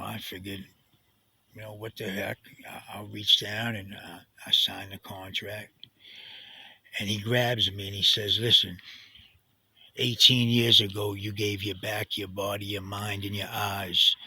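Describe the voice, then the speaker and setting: A middle-aged man telling a confessional personal story, halting and full of restarts, sometimes sinking to a hushed near-whisper. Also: lowish voice, vocal fry, husky, low-quality recording. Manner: sinks to a hushed near-whisper at heavy moments. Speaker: storyteller recounting his own experience.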